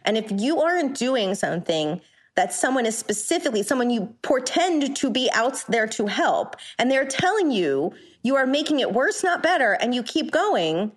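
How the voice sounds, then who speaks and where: A woman's voice: a little high, very animated, moderate pace. A woman on a podcast panel, talking bluntly and with heated passion, swearing freely in a long, rambling turn. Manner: blunt, profane, impassioned; long rambling turns with restarts. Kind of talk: heated casual discussion.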